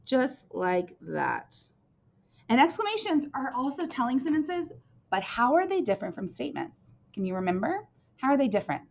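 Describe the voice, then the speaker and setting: A woman's voice: sits high, moderate pace, gravelly. A woman teacher giving a recorded lesson to young children, checking in with "right?" and "okay?" after each point. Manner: animated, sing-song teacher voice with frequent "right?" and "okay?" checks. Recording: dull lo-fi recording.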